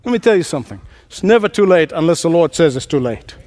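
A man's voice: high voice, sing-song, quick pace, hardly any pauses, a little mellow. A man preacher giving a sermon, emphatic, repeating key phrases and laughing often.

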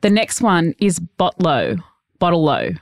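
An Australian woman hosts a casual interview and runs a quiz with a teasing, upbeat manner. Her voice sits on the low side for a woman. She talks in a relaxed, friendly back-and-forth. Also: a little slow, dry recording, studio quality. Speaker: podcast host.

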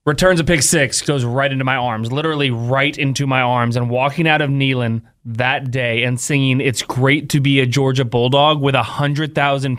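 A man co-hosting a sports radio show, recalling big games with excited, boastful fan banter. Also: medium pitch. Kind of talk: casual sports radio chat.

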